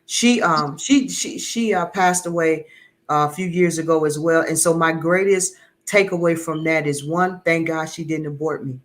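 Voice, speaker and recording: A man's voice: on the high side, steady tone, moderate pace, a bit bright. A middle-aged man giving an earnest, emotional personal testimony as an interview guest, often repeating words as he searches for them.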